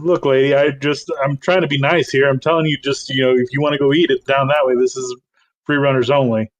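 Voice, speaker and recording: Man doing a curt halfling doorman, mid pitch, brushes people off. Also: fairly even intonation, brisk, a little hiss or hum, close to an everyday voice, poor audio. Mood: dismissive. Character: grumpy male halfling doorman, dismissive.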